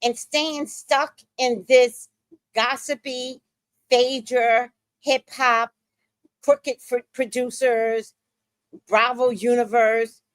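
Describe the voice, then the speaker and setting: A woman's voice: on the high side, fairly even intonation, very slow, no room sound. A woman giving blunt, profane, angry celebrity gossip commentary as a show host.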